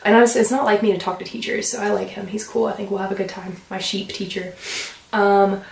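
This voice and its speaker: A young woman from the United States rambles quickly through a casual vlog, full of fillers. Her voice sits at a middle pitch. It bounces around a roomy space and sounds a little distant from the mic. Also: steady tone, creaky, a little mellow. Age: young adult. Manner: fast, rambling, lots of "like" fillers. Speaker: vlogger. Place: room at home.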